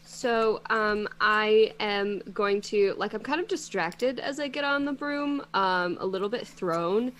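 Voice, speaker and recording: A woman's voice: mid-range voice, measured pace, few pauses, a bit bright, a little hiss or hum. A woman player describing her character's actions in a tabletop game, hesitant and full of fillers.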